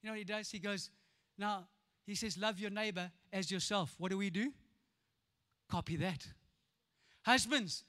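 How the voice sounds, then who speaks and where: A man with a South African accent preaching a lively, playful sermon as a pastor, acting out voices and often laughing. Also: high voice, normal speed, long pauses. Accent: South African English. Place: church auditorium. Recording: echoey church hall.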